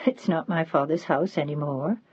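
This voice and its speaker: A woman reading the part of a weary, guarded young woman, speaking in a quiet, restrained way. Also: low voice, normal speed, slightly rough, no echo, lo-fi sound.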